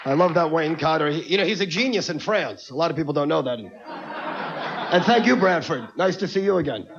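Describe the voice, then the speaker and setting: Man, stand-up comedy set, high gravelly voice, dull lo-fi TV recording, steady hiss. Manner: brash, rapid-fire, ranting. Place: comedy club stage before a live audience. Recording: lo-fi TV broadcast with audience.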